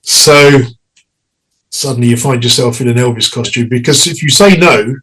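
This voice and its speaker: Man, middle-aged, interview guest, chatty storyteller, laughs, mid pitch. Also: a bit bright, breathy edge, rough recording. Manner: chatty, laughing, restarts and quick quoted asides. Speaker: guest singer.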